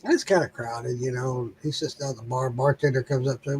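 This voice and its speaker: A man's voice: medium pitch, fairly even intonation, quick pace, hardly any pauses, a little mellow, a little hiss or hum, poor audio. A man co-hosting a casual livestream chat, joking and teasing and laughing often.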